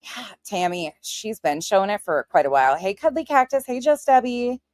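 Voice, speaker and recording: A woman in her forties hosts a casual livestream, calling out viewers' names as they arrive in chat. She speaks bluntly and swears freely, with a defiant edge. Her voice is mid-pitched and recorded dry and close to the mic. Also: lively intonation, moderate pace, darkish tone, dry recording. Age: 40s. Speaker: livestream host.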